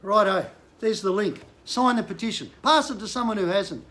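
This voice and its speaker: A man's voice: high-pitched, normal speed, fairly bright tone. Frustrated older Australian bushman ranting. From Queensland, Australia. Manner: frustrated, blunt, rising to angry outbursts. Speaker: bush mechanic vlogger. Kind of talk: impassioned political rant to camera.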